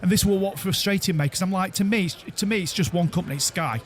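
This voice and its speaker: Man, high voice, rambling storyteller in casual chat. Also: fast talker, faint music behind. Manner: animated, repeats words and restarts while telling a story. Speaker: podcast co-host.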